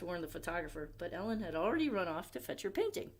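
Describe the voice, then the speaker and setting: Give me a woman storyteller reading a picture book to children, expressive and chatty. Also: lowish voice, fast. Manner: expressive, with chatty asides to young listeners. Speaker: library storyteller.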